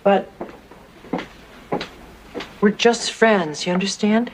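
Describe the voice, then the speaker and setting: A woman's voice: mid-range voice, slow, background noise, lightly acted. An actress playing a bubbly woman who coaxes a friend with eager dating advice in a sitcom. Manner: eager, coaxing. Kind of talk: sitcom acting.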